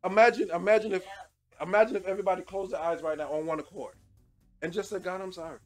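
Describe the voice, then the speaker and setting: A man preaching a sermon with fervent, repetitive calls to repent, swinging from shouting to hushed pleading. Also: high voice, fairly even intonation, quick pace, soft background music.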